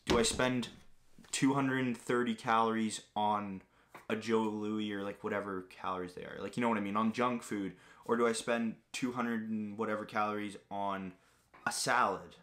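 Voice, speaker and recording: A young man from Greece talks in a casual, rambling way, leaning heavily on fillers as he answers viewer questions. His voice sits a little low. He keeps the tone loose and conversational throughout. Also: steady tone, moderate pace, fairly bright tone. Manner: rambling, filler-heavy storytelling with lots of "like". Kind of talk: casual chat.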